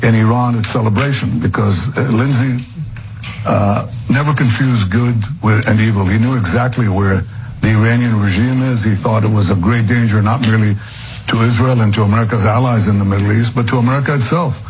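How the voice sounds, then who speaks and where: Low-voiced man, measured and emphatic. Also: a little hiss or hum, rough recording. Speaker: interviewed guest, political leader. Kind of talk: interview answer.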